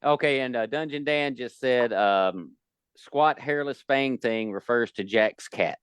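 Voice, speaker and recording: A man hosting a podcast in a relaxed, joking casual chat. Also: medium pitch, a little slow, clean tone, no room sound. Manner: joking, easygoing. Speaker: podcast host. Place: home, indoors.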